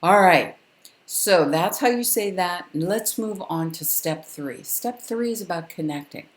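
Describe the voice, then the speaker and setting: An older woman, a longtime parenting educator, giving a calm, firm and instructive lesson to camera with deliberate pauses. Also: fairly low pitch, echoey room.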